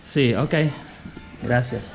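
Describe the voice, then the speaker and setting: Chatty guy doing a travel vlog, mid-pitched voice, laid back, laughs a bit. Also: takes it slowly, vocal fry, soft background music. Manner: chatty and easygoing, with small laughs. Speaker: travel vlogger. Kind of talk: casual travel vlogging with voice-over narration.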